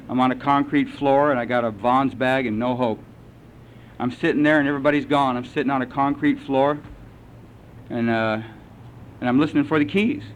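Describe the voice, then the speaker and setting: A man telling his recovery story to a meeting, salty and animated, with lively asides. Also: mid-range voice, lo-fi sound, slight background noise. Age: older. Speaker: AA meeting speaker.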